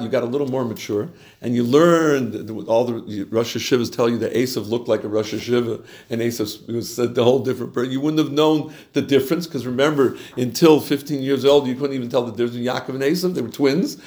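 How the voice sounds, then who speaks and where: A man's voice: medium pitch, fairly quick, few pauses, a little mellow. A man teaching an informal Torah class in a chatty, digressive way, chuckling now and then.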